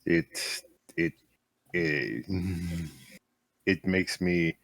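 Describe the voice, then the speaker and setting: A man playing a tabletop game, talking in a halting, stammering way. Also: sits low, vocal fry, a bit bright, dry recording. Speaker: player. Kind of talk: tabletop role-play.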